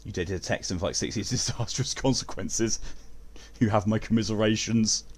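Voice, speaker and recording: A man casually chatting while streaming a game, relaxed and swearing now and then. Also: on the low side, normal speed. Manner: laid-back, swears casually. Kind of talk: casual gameplay commentary.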